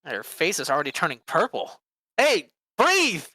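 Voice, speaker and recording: A voice actor playing an exasperated young male defense lawyer with dry, flat comebacks in a fan voice-over of a game. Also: medium pitch, moderate pace, no echo. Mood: snarky.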